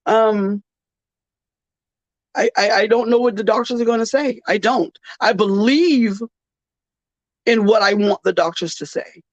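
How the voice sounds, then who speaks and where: A tired woman hosting a faith-based talk show, speaking emotionally and haltingly with many restarts, close to tears. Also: mid-range voice, no echo, muffled recording. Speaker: radio show host.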